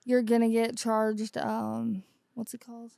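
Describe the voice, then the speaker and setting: A woman's voice: a little high, completely flat delivery, a little slow, creaky, mellow, dry recording. A woman co-hosting a podcast in casual chat, easygoing and chatty, telling stories. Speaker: podcast co-host.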